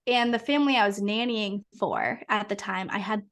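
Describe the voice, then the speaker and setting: A young woman from Massachusetts, a podcast guest, telling her story in an earnest, animated, casual way. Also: medium pitch, moderate pace. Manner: earnest, animated, uses many fillers. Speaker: podcast guest, hypnotherapist and coach.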